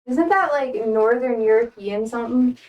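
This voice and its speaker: A woman's voice: on the high side, normal speed, highs cut off. Young American woman streamer, playful and self-deprecating, slightly distant from the mic. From United States. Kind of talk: casual chat while repotting plants.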